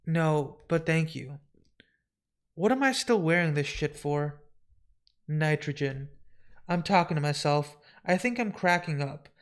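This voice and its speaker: A man's voice: on the high side, animated. A man reading a comic book aloud live, voicing a sad, lonely shapeshifting woman who stammers and hesitates as she talks of wanting to die. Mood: despairing. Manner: halting, stammering, despairing.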